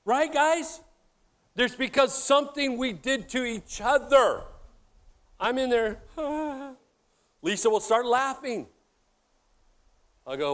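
Casting: middle-aged male pastor, high-pitched voice, lively jokey delivery addressing the crowd. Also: unhurried, long pauses. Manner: animated, jokey, addresses audience directly. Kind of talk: sermon.

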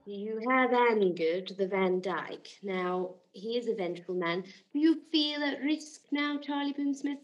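A woman's voice: mid-range voice, measured pace, few pauses, dull audio, some chatter behind. A woman hosting a comedic mock interview in an effusive, theatrical manner.

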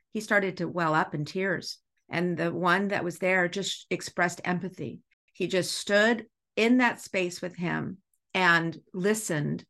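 A middle-aged woman, a school's executive director, telling a story in a podcast interview with animated feeling and an easy laugh. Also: on the low side, gravelly. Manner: animated, acts out dialogue while telling stories; emotional, laughs easily.

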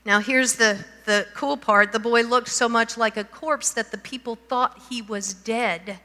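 A woman's voice: fairly high pitch, fairly even intonation, a little slow, bright, forceful tone. A woman preaching a sermon, reading scripture aloud and asking her listeners questions. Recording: long hall reverb.

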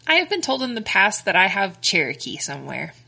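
Bright-voiced giggly woman. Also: medium pitch, big pitch swings, a little fast, vocal fry, husky. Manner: chatty, giggly, trails off into fillers. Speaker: podcast co-host. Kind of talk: casual podcast chat.

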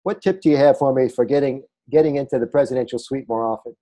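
A man's voice: medium pitch, fast, mellow. A man hosting an interview, enthusiastic and jokey with his guest. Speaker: host. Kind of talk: conversational interview.

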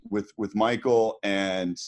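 A man's voice: fairly low pitch, steady tone, slow. A middle-aged man, a former swimmer and podcast guest, telling stories in a rambling casual way. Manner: rambling, lots of restarts and fillers. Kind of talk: casual storytelling.

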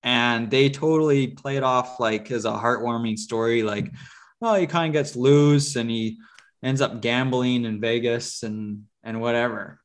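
A man's voice: mid-range voice, unhurried. A man co-hosting a podcast, chatting casually about movies in a rambling way with lots of fillers and restarts. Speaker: podcast co-host. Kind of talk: casual movie review chat.

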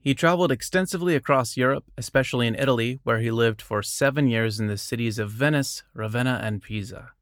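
Male reader, plain delivery with casual asides, dry close sound, mid pitch. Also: fast, hardly any pauses, dry recording. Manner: plain reading, breaks off for casual asides and self-corrections. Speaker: reader of quotes and biographies. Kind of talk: reading aloud with short asides.

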